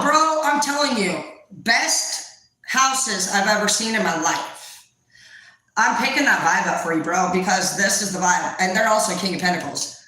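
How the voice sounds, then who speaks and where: Foul-mouthed young woman, bright and echoey. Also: mid-range voice, expressive, moderate pace. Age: young adult. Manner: profane, blunt, rambling. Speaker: tarot reader. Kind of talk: casual vlog reading. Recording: echoey room.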